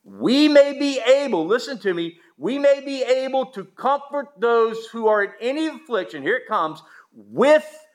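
A man preaching a sermon, emphatic, asking the listeners rhetorical questions and swinging from loud to hushed. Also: extremely high pitch, lively intonation, a little slow.

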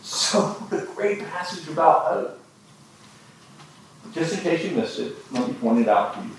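A man's voice: a little high, sing-song, a little slow, reverberant, slight background noise, poor audio. A man preaching a sermon, telling folksy stories with jokes. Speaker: pastor.

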